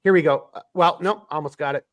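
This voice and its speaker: Guy hosting a live podcast, kinda high voice, dry sound, keeps restarting. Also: fast, no room sound. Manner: rambling, restarts often while reading the chat. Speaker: podcast host. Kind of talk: casual live-stream chat.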